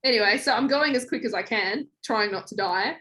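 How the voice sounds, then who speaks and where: A young woman guest in a podcast interview, telling a story in a lively way and acting out quoted lines. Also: a little fast. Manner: animated, acts out quoted lines with big pitch jumps. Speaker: guest, former reality show contestant.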